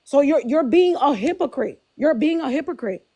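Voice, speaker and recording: A woman with a high voice argues indignantly on a live debate panel. She hammers her points home and repeats them for emphasis. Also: lively intonation, moderate pace, dark tone. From Hispanic background.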